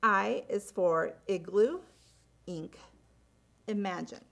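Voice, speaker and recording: A woman teaching letter sounds to children with slow, clearly enunciated, drawn-out words. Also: medium pitch. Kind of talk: slow, deliberate phonics instruction.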